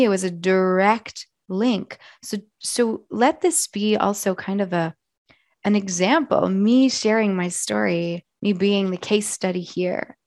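A woman speaks in a reflective personal monologue, her voice hoarse and full of fry. She talks slowly, softly and earnestly, the way a coach talks to clients. The sound is dry and close. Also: mid-range voice, no echo. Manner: slow, soft and earnest. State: hoarse from yelling. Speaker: wellness coach.

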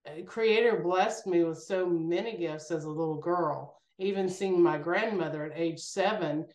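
A woman sits for an interview and tells her stories with animated energy, slipping into the voices of the people she quotes. Her voice sits on the low side, and the room gives it a noticeable echo. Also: moderate pace. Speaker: guest. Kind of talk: casual spiritual interview talk.

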